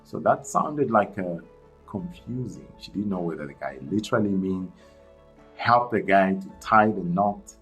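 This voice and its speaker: A man narrating a storytime story in an animated, chatty way, talking straight to viewers. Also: deep voice, a little slow, faint music behind, low-quality recording.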